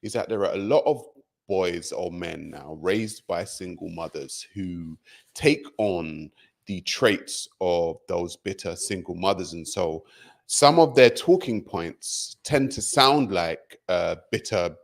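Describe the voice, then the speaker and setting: A man's voice: deep voice, slow pace, gravelly. A man hosting a casual podcast chat, earnest with a teasing streak and an emphatic delivery. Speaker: podcast host.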